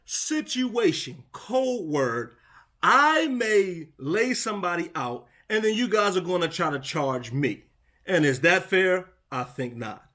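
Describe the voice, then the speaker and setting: Man, vlogger and property manager, exasperated, slightly raised pitch, filmed outdoors. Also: big pitch swings, measured pace, bright, forceful tone. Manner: exasperated, building up heat. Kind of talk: vlog narration. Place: outside a vacant house.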